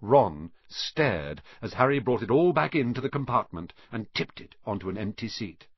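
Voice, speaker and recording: Husky-voiced man narrating a storybook. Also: mid-range voice, normal speed, dry recording, muffled recording. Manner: expressive, animated reading. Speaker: audiobook narrator.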